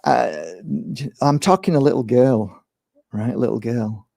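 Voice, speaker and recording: A man's voice: medium pitch, a little slow, creaky, no echo, clean studio sound. A man who works as a crystal healer, talking in a casual monologue and acting out exclamations. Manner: animated, acts out exclamations, swears.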